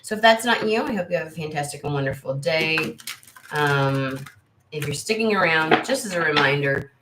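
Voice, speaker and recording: Low-voiced American woman chatting in an echoey room. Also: animated, moderate pace, background noise. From United States. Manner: rambling, candid, swears freely. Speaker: tarot reader and channel host. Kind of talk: casual livestream chat with viewers.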